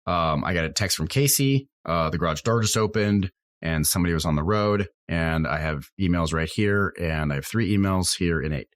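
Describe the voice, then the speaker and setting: A man's voice: sits low, normal speed, dry recording. A man, co-hosting a casual business podcast and acting out his customer calls as he tells stories. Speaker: sign company salesman, co-host.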